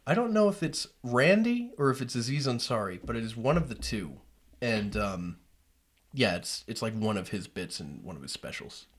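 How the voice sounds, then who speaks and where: A man's voice: medium pitch, normal speed. A young adult man co-hosting a casual podcast, rambling and swearing freely as he talks through movies. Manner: rambling, profane, animated retelling of movie scenes. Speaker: podcast co-host. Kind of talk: casual chat.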